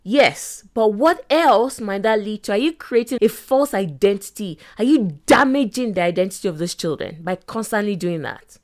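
A woman's voice: medium pitch, animated, normal speed, hardly any pauses, a little mellow. A middle-aged woman hosting a self-help podcast, talking animatedly and acting out little quoted scenes with laughs. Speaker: podcast host.

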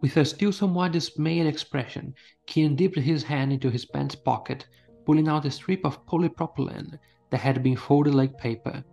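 A man reading a first-person adventure story in a steady storytelling manner. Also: fairly high pitch, moderate pace, vocal fry, soft background music. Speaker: narrator. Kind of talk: scripted story narration.

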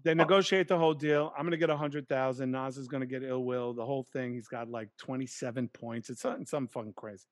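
Man, 50s, podcast guest: salty, lively storyteller, mid pitch, dry sound. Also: fast talker, few pauses, no echo. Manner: profane, animated storyteller.

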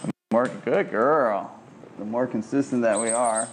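A man working as a dog trainer, coaching an owner at home with lively praise for the dog. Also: medium pitch, unhurried, a little hiss or hum. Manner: lively, sing-song praise for a dog between plain explanations. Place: home kitchen.

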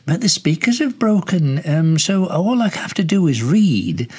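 A man's voice: a little high, sing-song, a little slow, darkish tone, breathy edge, full character voice. A man voicing an elderly woman caller who lives alone, chatting and giggling in a comic phone-in sketch. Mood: chatty. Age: older.

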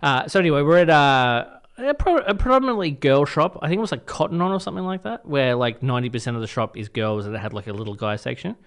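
Animated Australian man on radio. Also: medium pitch, fast, hardly any pauses, smooth. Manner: animated, jokey storytelling with lots of "like". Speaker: radio co-host. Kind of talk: casual radio banter. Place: radio studio.

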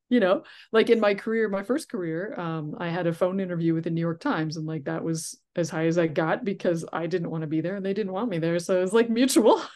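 Chatty low-voiced woman guest, laughing often. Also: expressive, moderate pace, darkish tone. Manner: chatty, lots of restarts and laughter. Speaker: interview guest, therapist. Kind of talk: casual conversation.

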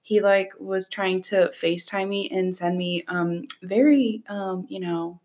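A woman's voice: mid-range voice, fairly even intonation, measured pace, darkish tone. A woman co-hosting a podcast, telling stories in a laid-back way with frequent giggles. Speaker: podcast co-host. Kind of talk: casual podcast chat.

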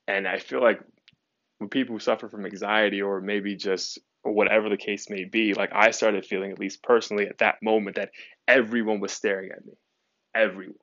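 A man's voice: on the low side, moderate pace, a bit bright, no echo. A young man hosting a podcast, telling a personal story in a candid, casual way with lots of swearing and fillers. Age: young adult. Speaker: podcast host. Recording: dry, dull lo-fi sound.

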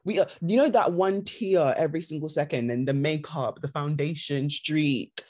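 A podcast co-host in casual chat, joking and slipping into mocking impressions with quick asides. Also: medium pitch, a little mellow.

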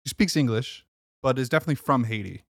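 A man's voice: mid-range voice, animated, quick pace, vocal fry, no room sound, clean studio sound. A man co-hosting a podcast, telling stories in casual chat and laughing often. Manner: chatty storyteller, laughs often. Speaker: podcast co-host.

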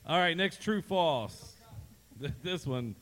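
A man's voice: fairly high pitch, lively intonation, slow, fairly bright tone. A man co-hosting a live comedy podcast on stage, reading out the game questions with dry ribbing jokes. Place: live stage before an audience. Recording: long hall reverb.

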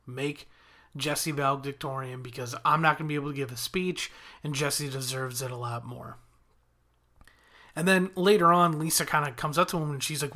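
Bright, lively man recapping a show. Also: a little high, normal speed. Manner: animated retelling with quoted lines. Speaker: podcast host recapping a TV episode. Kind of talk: casual episode recap.

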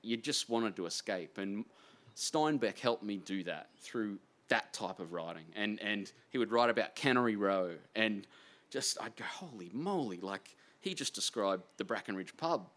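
An Australian man, an author guest in a casual interview, talking in an excitable, rambling, self-deprecating way. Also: on the low side, moderate pace.

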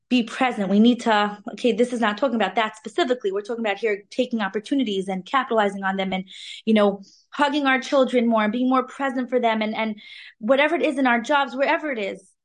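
Animated woman giving a Torah talk. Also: on the high side, quick pace. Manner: animated, acts out dialogue, Hebrew terms. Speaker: Torah class speaker. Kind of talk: informal weekly Torah talk.

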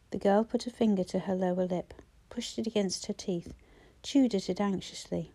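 A woman reading a novel aloud as audiobook narrator, steady and expressive. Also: medium pitch, brisk, hardly any pauses. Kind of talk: scripted narration.

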